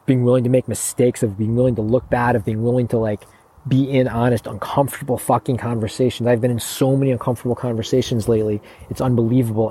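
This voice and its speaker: A man's voice: mid-range voice, dark tone, a little hiss or hum, poor audio. A man coaching in a motivational monologue, blunt and profane, pressing his points with urgent, pleading emphasis. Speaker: men's coach.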